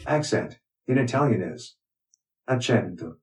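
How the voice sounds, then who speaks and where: A man's voice: medium pitch, animated, measured pace, darkish tone, breathy edge. A man voicing a plain male computer assistant who explains words evenly, like a dictionary entry. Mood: informative.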